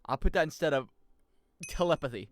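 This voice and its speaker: A young man streaming a video game, chatting casually, muttering over menus and jumping into loud, high yelps. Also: a little fast. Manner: excitable, jumps into loud high yelps and laughs; mutters menu options to himself. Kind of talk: casual gameplay commentary.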